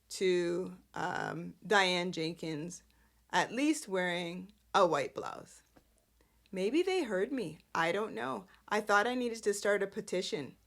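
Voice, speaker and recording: A woman's voice: medium pitch, a bit bright. A woman hosting a casual recap show, chatty, sassy and exasperated. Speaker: host.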